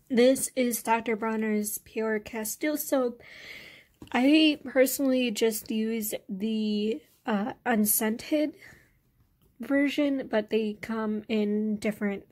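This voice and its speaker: A woman vlogger talks through her beauty products at an easy, unhurried pace. Her voice sits a little high, and she pauses often with fillers as she goes. It sounds like a relaxed chat at home. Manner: relaxed, hesitant, many fillers. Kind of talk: casual product review.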